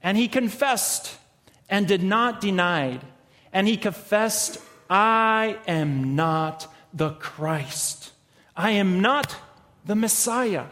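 A man with a high voice preaches slowly and with emphasis, reading scripture between his own remarks. His voice rings with a long echo, as in a large hall. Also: lively intonation. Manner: slow, emphatic preaching with swings in loudness.

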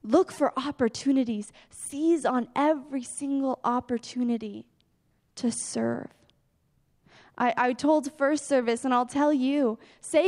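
A woman preaching a sermon, earnest, her voice climbing into pleading prayers and sinking soft and low. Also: moderate pace, big-room sound.

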